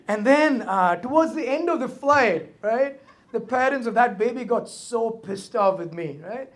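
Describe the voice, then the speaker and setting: Guy doing standup, kinda high voice, tells it like a story n keeps saying right?. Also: lively intonation, normal speed. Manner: tags lines with a questioning "right?". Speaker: stand-up comedian.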